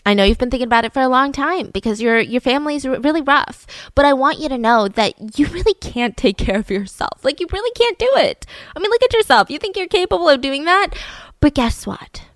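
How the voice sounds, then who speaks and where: A woman's voice: a little high, brisk, few pauses, fairly bright tone, no room sound, clean studio sound, close to an everyday voice. A woman voicing a controlling, paranoid teenage boyfriend who speaks insistently, in a casual retelling. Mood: possessive. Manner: insistent, possessive.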